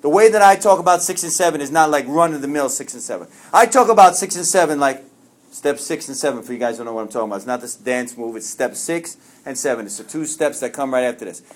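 A man tells his recovery story to a meeting in a voice pitched a little high. He talks with lively swings, jumping to loud exclamations and then dropping to quiet, confiding asides. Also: quick pace. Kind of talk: sharing a personal story.

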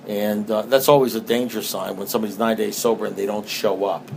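A man's voice: on the low side, fairly even intonation, brisk, vocal fry, slight background noise, rough recording. Rambling, conversational man telling stories. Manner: conversational, rambling, frequent "you know what I mean"; reads book passages aloud with repetition. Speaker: speaker sharing recovery experience. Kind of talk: storytelling talk to an audience.

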